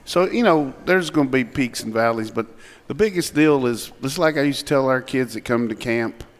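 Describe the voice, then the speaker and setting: A man's voice: medium pitch, lively intonation, normal speed. Man, former coach turned analyst, folksy and teasing, casual sports talk, some reverb.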